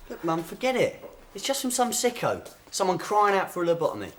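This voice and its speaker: A young actor playing an easygoing college lad. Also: male voice, sits high, very animated, fairly quick, a little hiss or hum. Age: young adult. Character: laid-back young college lad, her son.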